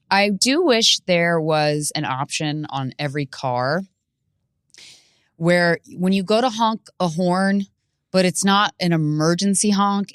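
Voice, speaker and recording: Low-voiced woman doing a comic monologue. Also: no room sound, clean studio sound. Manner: profane, rambling, animated with sudden shouted bits. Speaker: podcast host and stand-up comedian. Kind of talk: solo comedic monologue.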